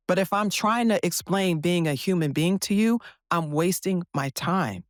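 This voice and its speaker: A woman's voice: lowish voice, normal speed, hardly any pauses, no echo, clean studio sound. A woman therapist speaking as a podcast guest, passionate and emphatic, often asking rhetorical questions. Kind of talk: casual podcast conversation.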